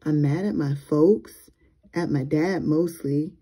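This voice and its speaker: A woman's voice: sits low, slow pace, dark tone, husky, full character voice. A woman voicing a tired, sullen young boy. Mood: weary. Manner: weary, sighing.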